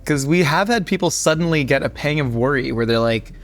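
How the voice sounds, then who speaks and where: A man's voice: a little high, a little fast. A man hosting a cooking show, presenting dishes with dry, jokey banter in a studio kitchen. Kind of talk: hosted food show banter.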